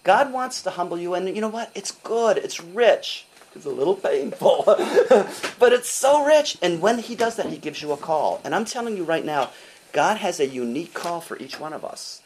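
A man's voice: high-pitched, moderate pace, slight background noise, poor audio. Older guy preaching, voice swoops up and down a lot, chatty and fired up. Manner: animated, conversational preaching with rhetorical questions. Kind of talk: sermon.

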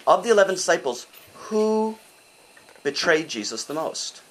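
A man's voice: on the high side, normal speed, rough recording. Older guy preaching, voice swoops up and down a lot, chatty and fired up. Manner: animated, conversational preaching with rhetorical questions. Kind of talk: sermon.

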